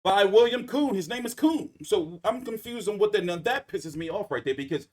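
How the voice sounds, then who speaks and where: High-voiced animated American man. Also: normal speed. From United States. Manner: animated, profane, acts out quoted voices. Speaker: show host. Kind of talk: casual commentary chat.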